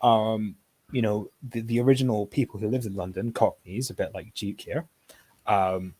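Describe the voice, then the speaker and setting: A man on a casual online panel chat who talks haltingly, with lots of restarts. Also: on the low side, steady tone, darkish tone, slightly rough. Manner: hesitant, many restarts.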